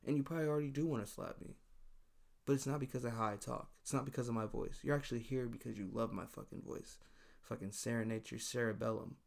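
A man's voice: medium pitch, quick pace, vocal fry. A man hosting his own podcast, talking alone in a loose, profane, exasperated rant. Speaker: podcast host. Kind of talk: casual solo podcast monologue.

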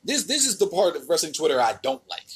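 A man's voice: on the high side, big pitch swings, quick pace, husky. A man with an American accent hosting a podcast, ranting in a casual, exasperated and profane way with many restarts. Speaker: podcast host.

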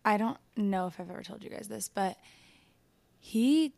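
A woman's voice: medium pitch, lively intonation, moderate pace, vocal fry, darkish tone, dry recording. A young woman co-hosting a podcast, telling stories in an easygoing, laughing way. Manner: easygoing storyteller, laughs often. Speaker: podcast co-host. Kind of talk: casual chat.

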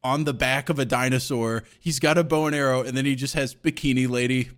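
A young man co-hosting a podcast, chatting in an animated, profane way and laughing often. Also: mid-range voice, a little fast. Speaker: podcast co-host. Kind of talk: casual chat.

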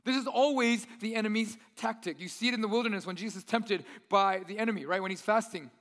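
A man's voice: high voice, fast talker, a bit bright, big-room sound. A young man preaching as pastor in a casual, conversational sermon, now and then acting out a tempter's voice.

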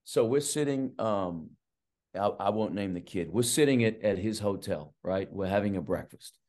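A man's voice: lowish voice, normal speed. A middle-aged man, a basketball coach guest, telling long stories in casual chat, full of fillers and asides. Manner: animated and long-winded, heavy on fillers like "like" and "right". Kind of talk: casual storytelling.

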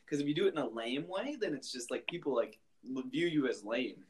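A man's voice: medium pitch, big pitch swings, a little fast, slight background noise. A young man co-hosting a podcast, chatting casually and rambling with lots of "like". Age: young adult. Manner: rambling, says "like" a lot. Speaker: podcast co-host. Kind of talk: casual chat.

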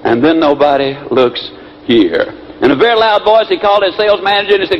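A man giving an animated, folksy motivational speech, telling a story. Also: high voice, brisk, dull audio, slight background noise. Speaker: motivational speaker.

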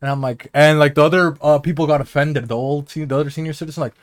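A young man with a fairly high voice spins a loose, swear-filled story for his co-hosts, breaking into laughter along the way. It is recorded close and dry, with no room sound. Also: fairly even intonation, fast, no echo. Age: young adult. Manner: rambling, profane, laughs at his own stories. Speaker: podcast co-host. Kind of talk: casual storytelling chat.

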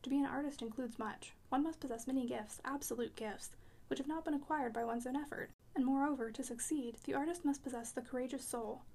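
A sharp-tongued elderly French woman who plays the piano, read aloud by a woman. Her voice sits high and the lines come quickly, brusque and teasing, with French words slipped in. She speaks as the storybook's odd, blunt old artist. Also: gravelly.

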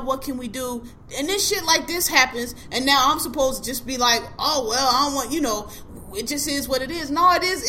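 Bright-voiced woman ranting angrily. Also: sits high, slight background noise. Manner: angry, profane, emphatic ranting. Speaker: podcast host. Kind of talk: casual ranting chat.

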